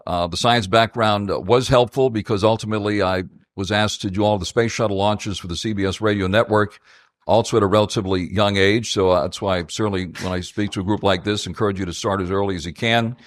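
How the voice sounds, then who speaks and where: A man speaking as moderator of a panel for high school students, measured and full of fillers. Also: steady tone, no echo, clean studio sound. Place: auditorium event.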